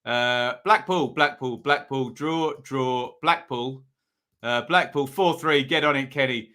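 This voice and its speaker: A man's voice: medium pitch, takes it slowly, bright, forceful tone. A man hosting a live football predictions stream, chatting casually, reading out viewers' picks and tossing in tag questions. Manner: chatty and upbeat, many ums and rhetorical tag questions.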